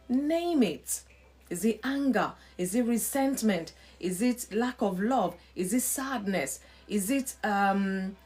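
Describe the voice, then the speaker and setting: A woman's voice: mid-range voice, darkish tone. A woman hosting a live stream, giving an earnest faith-based talk. She repeats her points, asks rhetorical questions and greets viewers by name as she goes.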